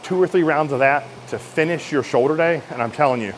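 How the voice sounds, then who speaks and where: A man coaching a shoulder exercise in a casual, energetic way, talking while he lifts and strains through the reps. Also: fairly high pitch, brisk, slight background noise, poor audio. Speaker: fitness coach.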